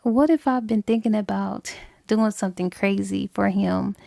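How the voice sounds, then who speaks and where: A woman's voice: medium pitch, normal speed, gravelly, mellow, no echo, studio quality. A woman voicing a young wife who earnestly tries to persuade her husband and best friend, speaking in a pleading, coaxing way.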